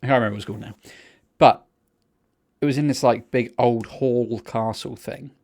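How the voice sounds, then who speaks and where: A man's voice: medium pitch, moderate pace, a little mellow. Laid-back English podcast storyteller, man. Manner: rambling anecdotal storytelling with swearing. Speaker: podcast co-host. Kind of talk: casual podcast chat.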